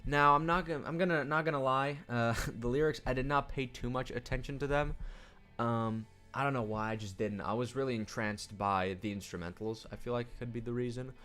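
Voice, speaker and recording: A man's voice: medium pitch, brisk, sharp tone. A young man casually reviewing albums, rambling with restarts and swearing as he talks into a desk microphone. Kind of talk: casual music review vlog.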